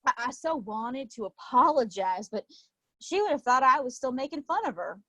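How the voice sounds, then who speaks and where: Woman doing an anxious young cowboy, put-on Texan drawl, stammering, folksy, bright-ish pitch, dry close sound. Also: sing-song, normal speed, no echo, exaggerated voice. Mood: nervous. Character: nervous young man with OCD, cowboy twang. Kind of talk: live play reading.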